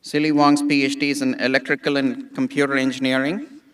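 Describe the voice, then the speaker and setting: A man, an associate dean, reading out graduate names at an outdoor ceremony in a measured way, with small restarts. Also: mid-range voice, little pitch movement, recorded from a distance.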